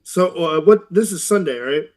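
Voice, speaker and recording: A laid-back man co-hosting a casual wrestling podcast, his voice sitting a little high. He chats easily and laughs often. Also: lively intonation, moderate pace, darkish tone. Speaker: podcast co-host.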